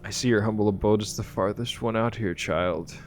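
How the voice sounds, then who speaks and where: A man's voice: fairly low pitch, steady tone, brisk, soft background music, lightly acted. A man voicing a smug, formal nun who lectures in a prim, condescending way. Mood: haughty. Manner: formal, preachy, mildly condescending.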